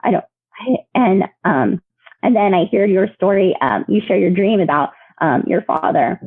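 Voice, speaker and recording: A woman guest sharing personal stories in a lively, chatty way, with many fillers and laughs, heard over a remote call. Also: mid-range voice, normal speed, slightly rough, no room sound. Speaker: podcast guest. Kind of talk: emotional storytelling. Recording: tinny phone line.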